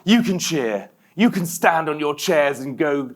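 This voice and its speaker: Animated man giving a keynote. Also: fairly high pitch, a little slow, few pauses. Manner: animated, leads the audience in call-and-response. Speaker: keynote speaker. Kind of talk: motivational keynote speech.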